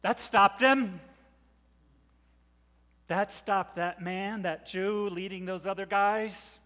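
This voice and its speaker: A middle-aged preacher with a high male voice tells his sermon as dramatic storytelling, slowly and with fairly even intonation. He sinks to near-hushed tones, then swells to loud, echoing with the long reverb of a large hall.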